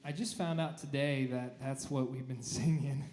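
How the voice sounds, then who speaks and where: A man's voice: mid-range voice, fairly even intonation, normal speed, darkish tone. A man leading choir rehearsal, talking through notes and singing short phrases to demonstrate. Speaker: choir director. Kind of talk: rehearsal instruction. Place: church room. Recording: echoey room.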